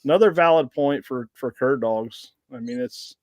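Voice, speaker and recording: A man's voice: medium pitch, normal speed, darkish tone, dry recording. Man in a dry, rambling storytelling voice. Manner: rambling anecdotes with frequent laughs. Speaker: blood tracker guest. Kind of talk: casual storytelling on a podcast.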